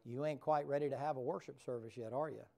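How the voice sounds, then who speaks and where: A male revival preacher with a folksy, down-home way of talking. His pitch sits in an ordinary middle range as he tells the story to the congregation in a church sanctuary. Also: fairly even intonation, quick pace, creaky, mellow. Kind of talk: revival sermon.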